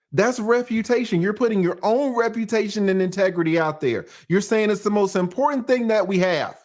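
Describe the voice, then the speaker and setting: A man from Atlanta, hosting a casual, profane livestream commentary, often laughing. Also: sits high. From Atlanta, USA. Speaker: YouTube commentary host.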